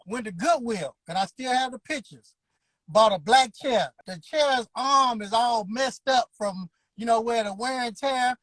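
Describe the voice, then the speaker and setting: A man's voice: very high-pitched, fairly bright tone, no room sound, poor audio. Emphatic man in his fifties. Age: 50s. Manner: emphatic, preacher-like, drawn-out words. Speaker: interview guest, barber school owner. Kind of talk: motivational storytelling.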